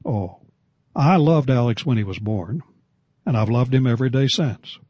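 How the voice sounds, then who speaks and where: An older man, a radio preacher, delivering a sermon in a measured, deliberate way, slowing down to stress key words. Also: medium pitch, expressive, a little mellow, dry recording, muffled recording.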